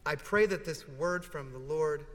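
A male pastor preaching with a fairly high voice, warm in his storytelling, falling to a hush at key moments. The church hall leaves a long echo behind every phrase. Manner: heartfelt storytelling, with dramatic pauses and hushed drops. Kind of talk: sermon.

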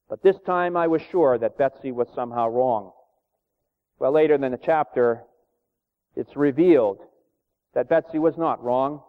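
Earnest male preacher, somewhat high voice, measured sermon delivery; long hall reverb. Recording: tinny phone-like sound in a reverberant hall.

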